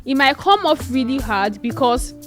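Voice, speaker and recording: A woman's voice: sits high, expressive, normal speed, soft background music. A young Nigerian woman co-hosting a casual discussion, emphatic and firmly opinionated. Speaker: podcast co-host.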